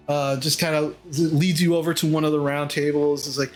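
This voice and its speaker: A man running a tabletop game, narrating scenes in a somewhat high voice with frequent ums and likes. Soft music plays faintly behind him. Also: flat delivery, brisk, few pauses. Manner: hesitant, full of ums and likes. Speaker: game master.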